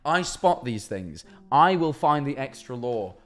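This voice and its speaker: A young man chatting on a live stream from his kitchen, telling a rambling, animated story and answering chat. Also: medium pitch, unhurried. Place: kitchen at home.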